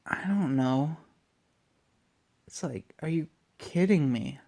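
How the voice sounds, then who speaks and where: A man's voice: a little high, takes it slowly, creaky, a little mellow. A man in his twenties ranting casually in a vlog, irritable and full of profanity. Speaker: vlogger.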